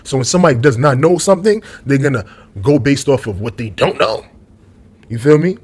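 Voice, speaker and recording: A man with a Brooklyn accent giving a rambling, slangy opinion monologue, swinging between loud bursts and muttered asides. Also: mid-range voice, lively intonation, brisk, slightly rough. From Brooklyn, New York. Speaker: vlogger.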